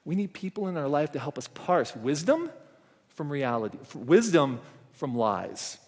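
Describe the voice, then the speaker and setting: A middle-aged man at normal speed, his pitch fairly high, delivers a motivational keynote from a conference stage. Recounting a family story, he acts out each quoted voice with animation, all carried by the big hall's lingering echo.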